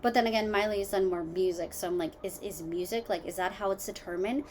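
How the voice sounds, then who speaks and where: A woman hosting her own podcast from home, rambling casually through tangents with lots of fillers, jumping between loud exclamations and quiet muttered asides. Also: mid-range voice, fast talker, few pauses, a little hiss or hum. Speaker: podcast host. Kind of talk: casual solo podcast chat.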